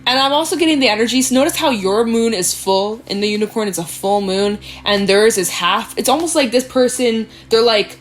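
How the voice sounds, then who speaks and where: A woman giving a casual tarot reading, chatty and animated, swearing freely and acting out quoted voices. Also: mid-range voice, fairly quick, few pauses. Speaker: tarot reader. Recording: faint background music.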